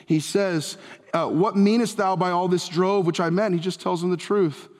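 A man preaching a sermon as pastor, retelling a story with lively acted dialogue that often rises in pitch and volume when he quotes someone. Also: moderate pace. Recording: long hall reverb.

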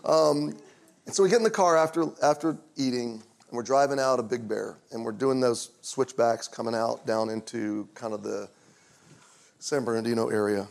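A middle-aged male pastor telling a personal story in a conversational sermon, going quiet and low in tender moments. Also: normal speed, vocal fry.

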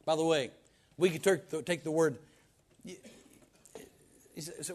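Man, pastor, sermon, dramatic scripture reading, folksy asides, somewhat high voice. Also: fairly even intonation, normal speed, long pauses. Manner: dramatic Bible reading with wide swings in loudness and pitch.

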